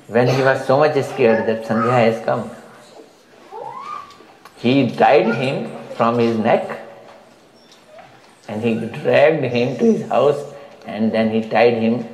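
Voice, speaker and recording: A man giving a devotional sermon in a house, telling a fable in an animated way and often laughing. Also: medium pitch. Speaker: spiritual speaker. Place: room in a private house. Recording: roomy echo, faint background hum.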